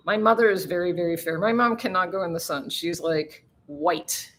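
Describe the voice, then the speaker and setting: A woman's voice: fairly low pitch, moderate pace, a bit bright. A woman hosting a casual live stream, chatting with viewers and laughing, who swears freely.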